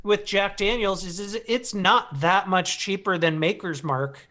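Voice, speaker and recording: A man with a flat American Pacific Northwest accent, chatting as a show guest. His voice sits a little high and sounds bright. He talks in a loose, relaxed way, full of fillers. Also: unhurried. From Pacific Northwest, USA. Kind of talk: casual chat.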